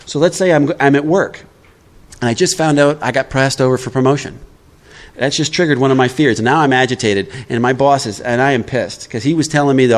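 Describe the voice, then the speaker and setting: A man's voice: medium pitch, fast talker. A man giving a recovery workshop talk in a conversational way, often checking in with his listeners. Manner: conversational, checks in with "all right?". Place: live workshop.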